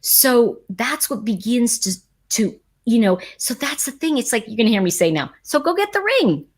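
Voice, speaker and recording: Husky woman doing a livestream, talking to chat, pitch jumps all over, kinda rambly. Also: normal speed. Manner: animated, emphatic, rambling. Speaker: livestream host. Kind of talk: casual talk to a live chat audience.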